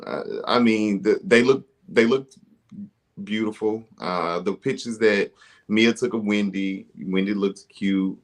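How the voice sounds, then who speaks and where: A man co-hosting a casual recap chat, relaxed and giggly with joking remarks. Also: fairly low pitch, slow pace. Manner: laid-back, giggly, joking. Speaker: podcast co-host.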